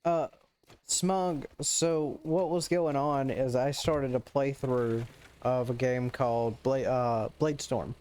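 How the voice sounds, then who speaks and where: Joking male game streamer, mid pitch. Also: fairly even intonation, slow pace, darkish tone, slight background noise. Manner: joking, laughs often, stammers and restarts. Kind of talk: casual live-stream chat.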